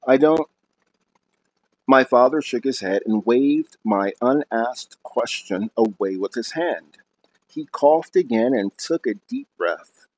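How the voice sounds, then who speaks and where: A man narrating a novel in the first person with a calm, expressive reading style. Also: medium pitch. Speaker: audiobook narrator. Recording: dull lo-fi recording.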